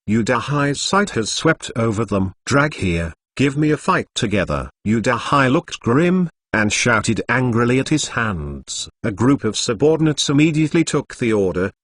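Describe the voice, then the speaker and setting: A man's voice: mid-range voice, fairly bright tone, no echo. A man's synthetic voice narrating a web novel, reading punctuation marks aloud.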